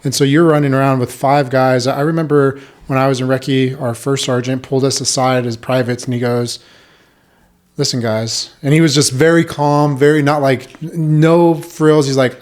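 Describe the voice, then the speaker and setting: Male podcast host, thirties, mid-pitched, conversational, animated storyteller. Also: normal speed. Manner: animated, acts out quoted voices. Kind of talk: casual conversational interview.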